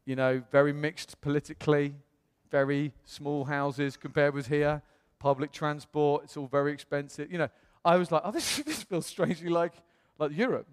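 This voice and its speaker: A man from the United Kingdom preaching in a church, telling his story in a chatty, animated way with self-quotes. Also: a little high, normal speed, hardly any pauses, clean tone. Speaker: pastor. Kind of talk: storytelling sermon. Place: church hall. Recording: long church-hall reverb.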